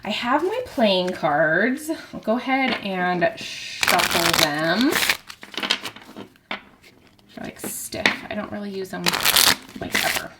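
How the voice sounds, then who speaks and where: A woman book vlogger chatting casually to her viewers, excitable and nervous, with quick giggles. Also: medium pitch, very noisy. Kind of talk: casual vlog chat to camera.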